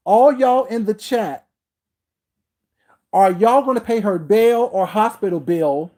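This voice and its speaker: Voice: medium pitch, darkish tone. A livestream host delivering a heated, confrontational rant, repeating points and breaking off to greet viewers by name.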